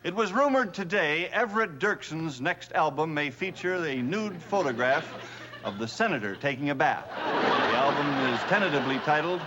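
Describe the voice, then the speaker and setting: A man's voice: on the high side, expressive, normal speed, noisy background. A man reading joke headlines as a mock-serious anchor in a sketch comedy newscast. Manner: mock-serious news delivery. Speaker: news anchor.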